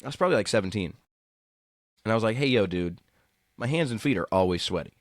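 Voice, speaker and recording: Lively young man telling stories. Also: fast talker, dry recording, studio quality. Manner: animated anecdotes, jumps into high voices for quoted people. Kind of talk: casual podcast storytelling.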